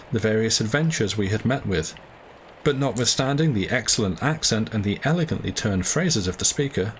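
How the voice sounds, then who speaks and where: A man narrating a classic novel aloud in a steady, measured way on a livestream. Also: mid-range voice, a little hiss or hum, low-quality recording. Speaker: reader of a novel.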